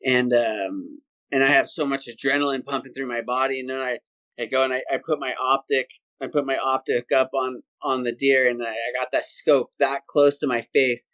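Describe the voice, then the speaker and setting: A man, a podcast guest telling a hunting story in a lively, casual way and acting out sounds and voices. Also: mid-range voice, moderate pace. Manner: animated, acts out sounds and voices.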